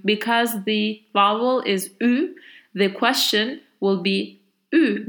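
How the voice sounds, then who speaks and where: A woman's voice: mid-range voice, fairly even intonation, slow, bright, forceful tone. A woman whose first language is Turkish, teaching a grammar lesson in English and patiently spelling out each example step by step.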